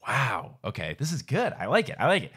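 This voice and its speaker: A man hosting a podcast, talking casually about a book, animated and laughing often. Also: medium pitch, fairly quick, breathy edge. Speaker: podcast host.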